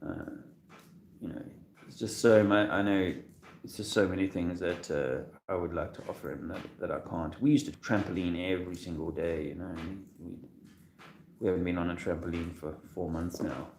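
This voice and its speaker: A man hosting a casual livestream, talking in a halting way full of restarts and fillers, soft-spoken and emotional at times. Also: sits low. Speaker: video host. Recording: echoey room with faint noise.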